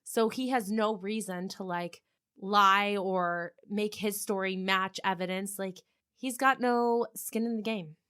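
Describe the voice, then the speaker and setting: Casting note: woman co-host, chatty and reactive, lots of "like", mid pitch. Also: steady tone, pushed and bright, clean tone. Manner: reactive, quick exclamations and gasps, valley-girl "like". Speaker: podcast co-host listener. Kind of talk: casual podcast chat.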